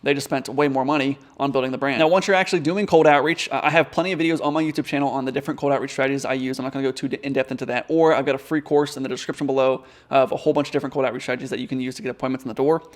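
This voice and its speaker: A man's voice: mid-range voice, steady tone, rapid-fire, few pauses. A man coaching viewers in a casual advice vlog, with direct, conversational talk. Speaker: online business coach.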